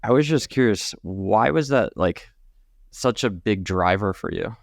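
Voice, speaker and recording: Male podcast host, very low voice, curious and loose questioning, dry close recording. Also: expressive, measured pace, gravelly, no room sound. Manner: curious, hedging with "like". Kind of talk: interview questions.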